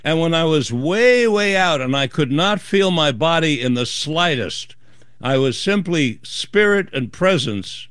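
A man's voice: fairly high pitch, measured pace, clear, resonant tone, dry recording, studio quality. A man telling a story as a guest in an interview, acting out the voices of others in his tale. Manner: animated storyteller acting out dialogue. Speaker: author and guest.

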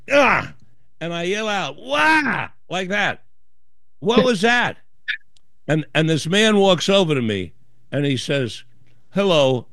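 Man, slightly high voice, lively storyteller, acts out other people's lines, dry close sound. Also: clean tone, no room sound. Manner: animated storyteller acting out dialogue. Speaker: author and guest. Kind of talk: storytelling in an interview.

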